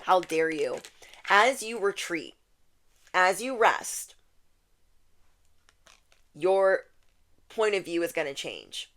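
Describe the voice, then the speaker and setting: A woman's voice: on the low side, a bit bright. Chatty woman giving a tarot reading. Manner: chatty, repeats key phrases, acts out quoted voices. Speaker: tarot reader. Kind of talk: casual spiritual reading to camera.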